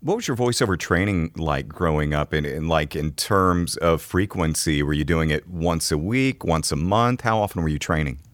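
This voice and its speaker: A man with a deep, low voice asks a guest direct, upbeat questions. The sound is close and dry. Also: moderate pace, hardly any pauses, no echo. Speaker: podcast co-host. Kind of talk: interview questions.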